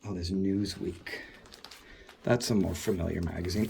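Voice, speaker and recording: A man, vlogging while exploring an abandoned asylum indoors, gushing excitedly, swearing and rambling to himself. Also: low-pitched, normal speed, creaky, slightly rough. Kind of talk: casual explore vlog, talking to camera.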